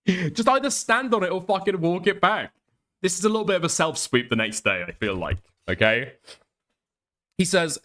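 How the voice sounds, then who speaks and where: A man reads posts aloud and picks them apart, blunt and exasperated, swearing as he goes. His voice sits a bit high and sounds bright. His pitch swings widely from line to line. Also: big pitch swings, moderate pace. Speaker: commentary streamer. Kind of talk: reading and reacting to posts.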